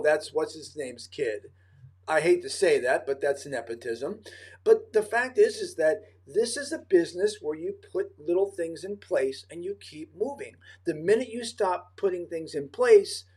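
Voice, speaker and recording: A male host with a somewhat high voice leads a casual livestream chat. He speaks emphatically and spins anecdotes. He acts out what others said as he goes. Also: darkish tone, breathy edge. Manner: emphatic, storytelling, acts out quoted dialogue.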